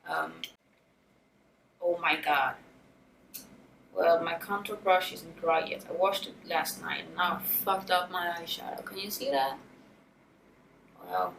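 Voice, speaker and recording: A woman's voice: on the low side, animated, slow pace, vocal fry, long pauses, fairly bright tone, echoey room, far from the mic, slight background noise, rough recording. Young Swedish-accented woman chatting casually. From Sweden. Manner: casual, frank, swears freely, laughs often. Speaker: beauty vlogger. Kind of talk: chatty get-ready-with-me vlog. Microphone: camera-mounted mic, a little far.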